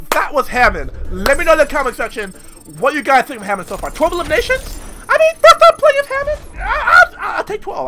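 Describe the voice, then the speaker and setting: A man commentating his own gameplay as a video host, excitable and swearing a lot, often squealing. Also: very high voice. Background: game music and sound effects.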